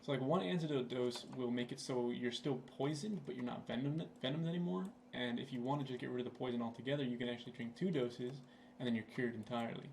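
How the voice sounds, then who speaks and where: A man's voice: mid-range voice, fast talker, creaky, few pauses, a little mellow, slight background noise. A young man giving casual, rambling commentary over his gameplay, with plenty of fillers, recorded at his computer. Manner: laid-back, rambling, with frequent fillers. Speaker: gaming channel host.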